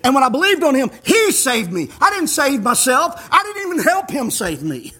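A man preaching a sermon in a folksy way, chuckling, dropping in "amen" and rising to shouts. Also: very high voice, huge pitch swings, normal speed. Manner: punctuates with "amen".

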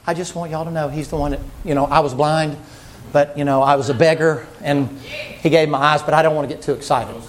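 A man preaching voices a healed blind beggar speaking low and quickly. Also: steady tone, a little hiss or hum, close to an everyday voice. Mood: bashful.

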